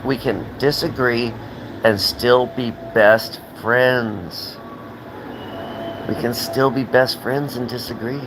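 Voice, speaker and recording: A man's voice: medium pitch, fairly even intonation, slow pace, noisy background. Rambling, profane American man ranting live. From United States. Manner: chats with viewers' comments. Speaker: livestream host. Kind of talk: live-stream rant.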